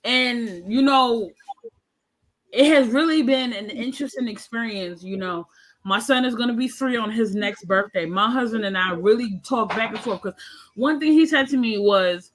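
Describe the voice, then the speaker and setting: A woman's voice: on the high side, moderate pace, rough recording. A woman in her thirties, speaking frankly and with animation as a podcast panelist in a candid discussion. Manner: frank and animated, acts out quoted voices.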